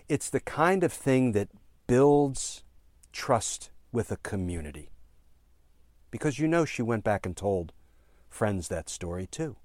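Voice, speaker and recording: A man's voice: on the low side, darkish tone, dry recording. A man, a former prosecutor, telling a courtroom story in an earnest speech on policing, with many fillers and emphatic repeated phrases.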